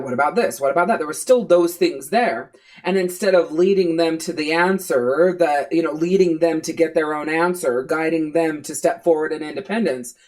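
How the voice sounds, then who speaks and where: A woman's voice: low-pitched, a little mellow. A woman coach speaks in a candid podcast monologue. She is blunt and swears freely. Her talk is loose and conversational, full of "you know" and "right", and she stacks repeated phrases to drive a point home. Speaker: life coach and podcast host.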